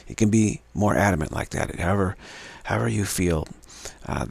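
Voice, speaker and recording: A man giving a slow, halting spiritual talk with many fillers and repeated words, recorded live. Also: fairly low pitch, vocal fry, husky. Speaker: spiritual teacher.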